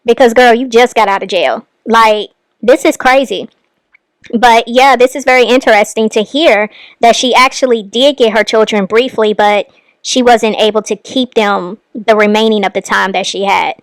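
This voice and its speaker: A woman with a high, smooth voice talks casually as she reacts to clips. She sounds close to the mic in a dry space, explaining things like she's chatting with friends. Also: no room sound. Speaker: commentary channel host. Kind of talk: casual commentary.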